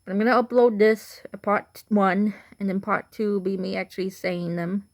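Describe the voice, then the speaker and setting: A woman's voice: medium pitch, level tone, normal speed. A young woman from Illinois with an Illinois accent, rambling through a casual vlog monologue with lots of "like" and restarts. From Illinois, USA. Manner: chatty, full of "like" and restarts. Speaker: vlogger.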